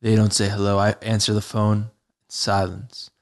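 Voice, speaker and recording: A man playing a smooth, self-serious slam poet with a low baritone voice, talking slowly in a hushed, drawn-out way in an improvised comedy podcast. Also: monotone, natural voice. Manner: slow, hushed, drawn-out delivery with hums.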